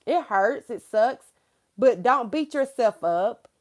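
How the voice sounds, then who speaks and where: Her voice sits a little high, with lively intonation and an unhurried pace. She's a tarot reader in her thirties doing a live reading, speaking frankly, laughing often and calling the viewer girl.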